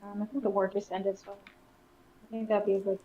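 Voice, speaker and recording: A woman's voice: mid-range voice, little pitch movement, moderate pace, warm tone. Hesitant woman on a muffled call. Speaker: player. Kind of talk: casual tabletop chat over voice call. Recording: muffled voice-call audio with faint hiss.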